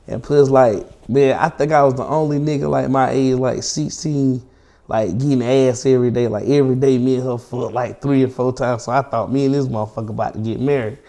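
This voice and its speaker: Gravelly-voiced young man telling a story. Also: mid-range voice, brisk. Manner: slangy, profane, animated storytelling. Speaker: interview guest. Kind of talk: casual storytelling interview.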